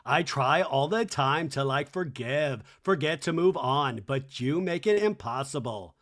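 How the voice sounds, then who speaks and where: A man's voice: on the high side, expressive, unhurried, fairly bright tone. A man voicing an angry, confrontational woman who curses and threatens in a comedic recap. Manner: cursing, confrontational. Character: angry, foul-mouthed woman making threats.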